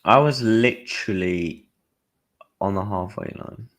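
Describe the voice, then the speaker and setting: Young bloke, low-ish voice, casual football streamer, animated storyteller, blunt and slangy. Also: male voice, slow pace. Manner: animated storytelling, acting out his own and others' lines; blunt slang with mild swearing. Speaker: football livestream host.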